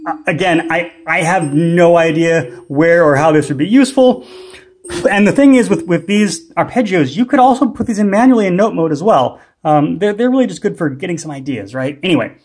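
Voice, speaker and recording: A man's voice: fairly high pitch, a little fast, darkish tone. A man hosting a music gear tutorial, explaining casually and unhurriedly with frequent ums and restarts. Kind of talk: casual instructional demo.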